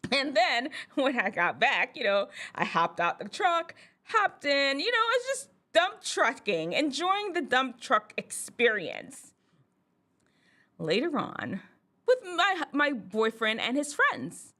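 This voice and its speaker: A woman physician hosting a show for teens, telling a casual personal story in an animated, chatty way and laughing often. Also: high-pitched, slow. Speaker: host, physician.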